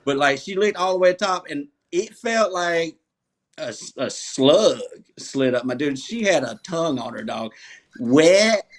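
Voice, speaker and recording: A man, a comedian guest, telling stories in a casual, animated, profane way and laughing often. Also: fairly high pitch, moderate pace. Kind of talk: casual storytelling interview.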